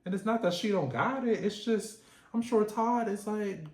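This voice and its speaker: A man with a fairly high voice recaps a reality show in a sassy, animated, gossipy way. His voice rings around an echoey room. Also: normal speed.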